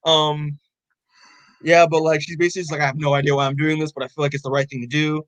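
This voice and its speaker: A young man on a podcast, casually retelling a story in a loose, rambling way, full of filler words and frequent swearing. His voice sits a little high for a man. The sound is close and dry, with no room echo. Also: level tone, fast, fairly bright tone. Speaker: podcast co-host. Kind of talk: casual chat recapping a comic.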